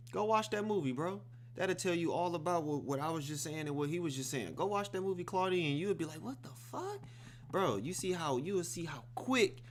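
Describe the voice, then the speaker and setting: A man hosting a reaction video, telling the story of a film in a casual, excited, profane way. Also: a little high, a little hiss or hum.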